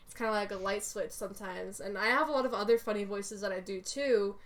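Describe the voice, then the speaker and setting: A woman's voice: mid-range voice, fast. A young woman co-hosting a podcast, chatting casually about her role-play characters in a rambling, giggly way with many fillers. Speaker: podcast co-host.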